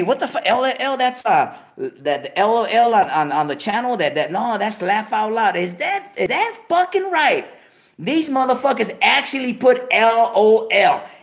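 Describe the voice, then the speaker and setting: A man hosting his own show, ranting casually to viewers in street slang, cursing heavily, with animated outbursts. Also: high voice. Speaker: show host. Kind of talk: casual profane rant to viewers.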